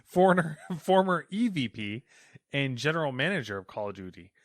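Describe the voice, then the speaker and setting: A man's voice: on the high side, sing-song, normal speed, dry recording, clean studio sound. A man co-hosting a gaming news podcast, telling stories in a rambling, casual way with many fillers. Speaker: podcast co-host reading news. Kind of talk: casual chat.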